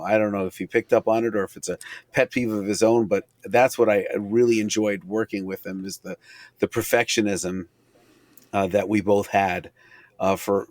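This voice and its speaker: A man's voice: on the low side, no echo. A man, an author, talking enthusiastically about his book in an interview. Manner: enthusiastic, animated, fast when excited. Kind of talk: casual interview chat.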